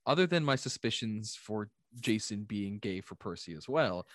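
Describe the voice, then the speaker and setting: A man's voice: on the low side, expressive, normal speed, no echo. A man co-hosting a podcast, chatting casually about a book with joking asides. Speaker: podcast co-host.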